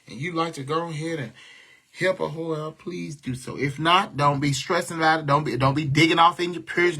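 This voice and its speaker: Man, livestream host, casual chat, husky, bright and tense, candid, venting. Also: on the high side, normal speed. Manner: candid, venting, with trailing soft asides; thanks viewers by name.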